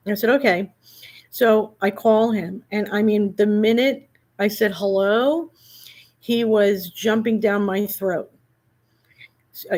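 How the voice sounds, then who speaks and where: A woman hosting a casual talk show, telling an animated, indignant story and quoting back and forth what was said. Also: medium pitch. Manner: animated storytelling, indignant, quotes others in conversation.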